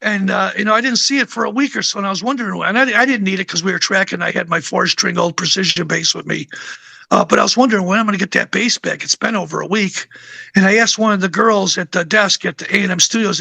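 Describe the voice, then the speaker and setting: A man's voice: high-pitched, quick pace, vocal fry, sharp tone, no echo. An older man, a guest musician, telling rambling anecdotes full of fillers in a casual interview.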